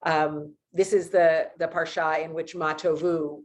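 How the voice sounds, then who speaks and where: A woman's voice: low voice, level tone, a little slow. Woman giving a casual Torah talk. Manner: conversational, many restarts and asides. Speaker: service leader.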